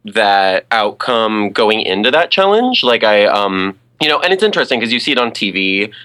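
Bright, animated male interview guest. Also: lowish voice, moderate pace, smooth. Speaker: guest, drag performer. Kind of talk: casual interview.

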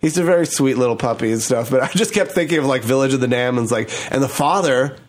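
A man's voice: medium pitch, quick pace. Rambling man telling a story. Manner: rambling storytelling with many fillers. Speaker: podcast co-host. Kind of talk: casual comedic chat.

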